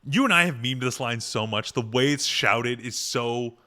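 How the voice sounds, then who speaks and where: A man's voice: mid-range voice, normal speed, sharp tone. A man co-hosting a podcast, rambling through an episode recap and acting out quoted lines in funny voices. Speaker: podcast co-host. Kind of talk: casual chat recapping a TV episode.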